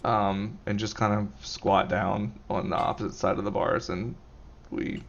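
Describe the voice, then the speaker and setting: A man's voice: fairly low pitch, little pitch movement, unhurried, creaky, muffled recording. A man describing his character's actions in a casual tabletop role-play, hesitant and full of fillers. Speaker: tabletop game player.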